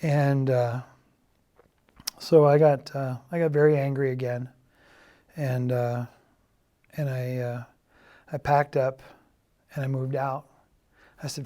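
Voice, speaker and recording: A middle-aged man giving a halting, earnest confessional testimony, often dropping to a quiet, subdued tone. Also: medium pitch, flat delivery. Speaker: church member giving a personal testimony.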